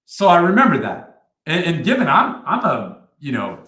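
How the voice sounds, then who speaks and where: A middle-aged man with a fairly high voice tells his army stories as an interview guest. He talks bluntly and swears freely, circling back with fillers and restarts. His voice bounces around an echoey room. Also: wildly swooping pitch, normal speed, sharp tone. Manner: blunt and profane, rambling with many fillers and restarts. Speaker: guest, retired army first sergeant. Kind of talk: casual interview storytelling.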